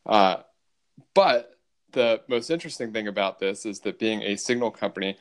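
A man, an army officer, answering interview questions in a measured, explanatory way with filler uhs. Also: fairly low pitch, animated.

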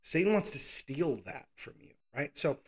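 A man's voice: fairly high pitch, expressive, normal speed, slightly rough. Man giving a casual, thinking-aloud sermon. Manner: informal, thinks aloud while reading scripture, frequent asides. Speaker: pastor. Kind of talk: conversational sermon, Bible teaching.

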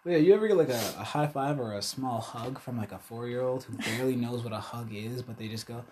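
A man's voice: mid-range voice, fast talker, noisy background. A man chatting casually as a co-host, rambling and swearing freely as he tells stories. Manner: animated, profane, rambling storyteller. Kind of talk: casual chat.

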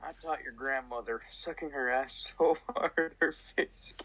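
Brash low-voiced young woman. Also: unhurried, a bit bright, husky, poor audio. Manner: brash, teasing, mock-tough. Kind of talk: casual chat during a party card game. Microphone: online voice call.

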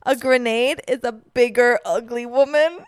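A woman's voice: a little high, normal speed, clear, resonant tone, no echo. A young woman from New Jersey co-hosting a podcast, brash and cursing, with laughing asides. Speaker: podcast co-host. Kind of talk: casual chat.

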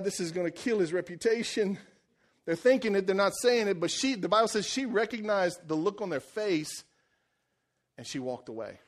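A male pastor preaching a sermon, retelling a Bible story in lively, casual modern language. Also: fairly high pitch.

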